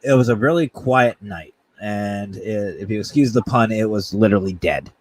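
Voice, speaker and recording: A man hosting a casual talk show, telling a funny story in an animated, jokey way and acting out voices. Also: on the low side, moderate pace, no room sound. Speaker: podcast host.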